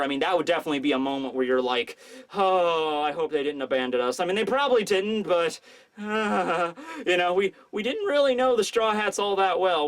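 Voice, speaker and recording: A man with a high voice talks through a manga chapter in a casual, rambling way. He fills his talk with "uh" and "you know" and drops in jokes. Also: fairly bright tone. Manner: rambling, filler-heavy, jokey. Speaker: manga review host. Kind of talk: casual chapter recap commentary.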